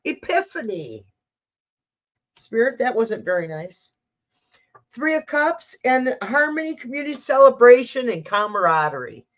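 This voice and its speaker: A woman's voice: fairly high pitch, sing-song, normal speed, highs cut off. A woman doing a live tarot reading, chatting casually and thinking aloud as she corrects herself. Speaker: tarot reader.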